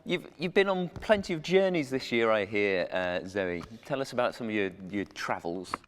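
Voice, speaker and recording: A man's voice: lowish voice, lively intonation, moderate pace, clear, resonant tone. A man hosting a comic chat segment on a church children's show with jokey, showman-like banter. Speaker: host. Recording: reverberant church hall.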